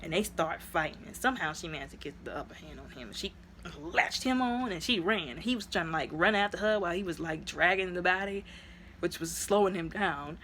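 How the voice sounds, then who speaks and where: A woman's voice: fairly low pitch, animated, brisk, a bit bright, a little hiss or hum. A woman reviewing a movie in a casual, chatty retelling, full of fillers, who acts out the characters' lines.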